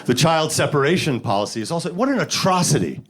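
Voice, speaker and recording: A man from the Bronx doing a stand-up set, deadpan setups that jump to loud high voices for punchlines. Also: fast talker, very noisy. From the Bronx, New York. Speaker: stand-up comedian. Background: audience laughter.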